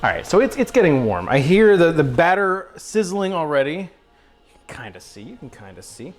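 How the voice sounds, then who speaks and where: Goofy, excitable young man cooking live. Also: on the high side, fairly quick, soft background music. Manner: goofy, self-mocking, excitable, says "bro" and "dude". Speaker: livestream cooking host. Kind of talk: casual cooking livestream chat.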